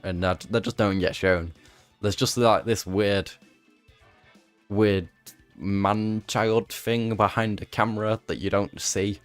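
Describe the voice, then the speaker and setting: A young man with a deep, low voice chats loosely to his stream audience, wandering between asides and jokes at his own expense. His voice is prone to cracking, and faint music plays underneath. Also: fairly even intonation, clear, resonant tone. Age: young adult. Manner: rambling, self-mocking, quick asides to chat. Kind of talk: casual gaming stream chat.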